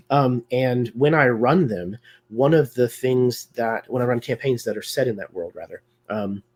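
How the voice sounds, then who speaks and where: A man's voice: mid-range voice, unhurried. A man hosting a live video discussion, talking casually with many fillers and restarts. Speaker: host.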